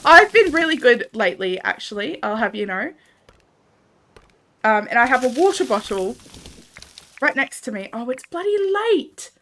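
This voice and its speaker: Aussie girl streaming a game, laughs a lot, reads chat, kinda high bright voice. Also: big pitch swings, unhurried, long pauses. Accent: Australian. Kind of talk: casual gameplay livestream chat.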